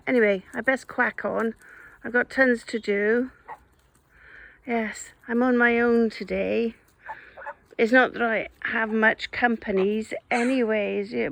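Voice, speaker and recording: A smallholder vlogger with a creaky, fairly bright voice chats casually to her geese and to the camera while working outdoors in a garden, filmed on a phone. She's chatty, teasing the geese in a high singsong as they honk in the background.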